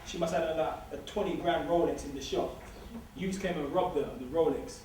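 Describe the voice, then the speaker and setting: A man's voice: on the high side, brisk, darkish tone, a little hiss or hum. A man giving an informal, joking talk to a student society, repeating his points for emphasis. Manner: streetwise, joking, emphatic repetition. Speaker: guest speaker. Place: large lecture hall. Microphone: far room recording. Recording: distant echoey hall recording.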